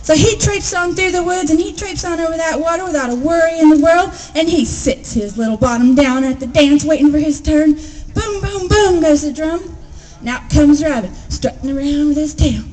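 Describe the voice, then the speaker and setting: High-voiced lively woman storyteller. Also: normal speed, low-quality recording. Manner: lively and expressive, with sound effects. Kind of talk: oral folk tale storytelling.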